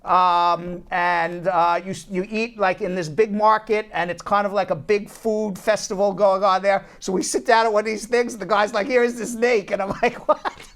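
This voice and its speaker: A man's voice: high-pitched, steady tone, normal speed, a bit bright. A man hosting a casual talk show from a law office, telling stories animatedly and often repeating words as he restarts. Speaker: host, immigration attorney.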